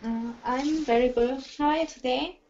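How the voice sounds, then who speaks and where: A woman's voice: high-pitched, moderate pace, a little mellow. A woman student giving short, hesitant answers in simple learner English over a video call. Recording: muffled video call audio.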